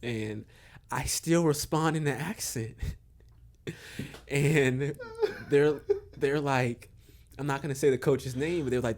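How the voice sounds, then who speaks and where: A young man from Maryland, a guest on a podcast, telling a relaxed story with lots of fillers and chuckles. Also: mid-range voice, slow pace, pauses often, a little hiss or hum. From Maryland, USA. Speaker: podcast guest, basketball coach. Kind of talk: casual storytelling interview.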